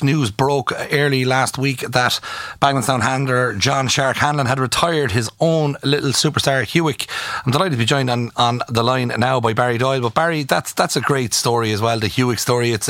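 A man's voice: mid-range voice, fairly bright tone, no echo. An Irish man hosting a radio sports show, chatting easily and introducing segments. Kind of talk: casual radio chat and presenting.

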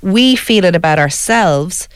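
A man hosting a podcast, talking in a thoughtful, measured way as he works through an idea. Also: high voice, lively intonation, smooth, no room sound, clean studio sound. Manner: thoughtful, measured, explains ideas. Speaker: podcast host. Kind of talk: reflective conversation.

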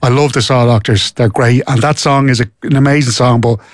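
A man's voice: medium pitch, brisk, dry recording, studio quality. Irish man, chatty podcast co-host. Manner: chatty storyteller, reads news in a steady run. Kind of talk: casual chat and sports news reading.

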